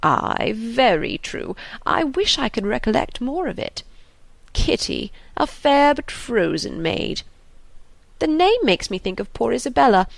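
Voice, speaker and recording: A woman voicing a fretful, anxious elderly father in an audiobook, slow and sighing. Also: medium pitch, vocal fry, dry recording.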